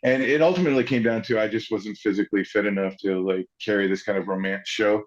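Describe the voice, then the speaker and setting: Man telling animated stories, lo-fi sound. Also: on the low side. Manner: acts out quotes in lively voices, fast rambling. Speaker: actor guest. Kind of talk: animated storytelling.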